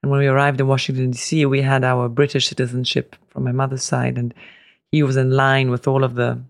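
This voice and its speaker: Gravelly middle-aged man telling family stories. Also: medium pitch, completely flat delivery, brisk, no room sound. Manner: rambling anecdotes with fillers, laughs easily. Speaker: guest, family business heir. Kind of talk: casual storytelling interview.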